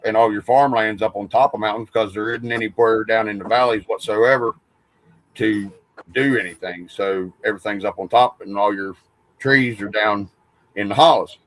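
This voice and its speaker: A man's voice: on the low side, fairly even intonation, normal speed, rough recording. A man, rambling through stories in a casual podcast chat and swearing freely. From West Virginia. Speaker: podcast host.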